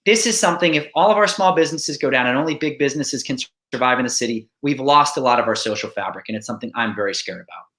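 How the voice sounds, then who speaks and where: A man running for office, speaking earnestly and rapidly about policy. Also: mid-range voice, fairly bright tone. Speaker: political candidate. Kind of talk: campaign remarks. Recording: echoey room.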